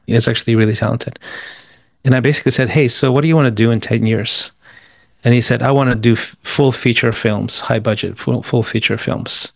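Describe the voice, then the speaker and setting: A man with a gravelly, creaky voice gives business advice in an interview. He talks emphatically, repeating words and rattling off long lists. The sound is dry and close. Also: medium pitch, no room sound. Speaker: guest. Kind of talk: interview answers, motivational advice.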